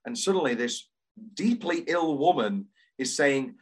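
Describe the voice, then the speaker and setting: A man's voice: mid-range voice, normal speed, slightly rough. A man co-hosting a podcast, chatting with enthusiasm and restarting his sentences often. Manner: animated, gushing, many restarts. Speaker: podcast co-host. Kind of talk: casual enthusiastic chat.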